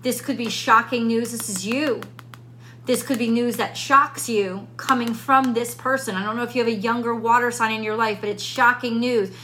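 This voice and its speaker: Bright-voiced woman doing a tarot reading. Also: on the high side, fairly even intonation, moderate pace, slight background noise. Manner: thinks aloud, frustrated, restarts and repeats questions. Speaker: tarot reader. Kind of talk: casual spoken tarot reading.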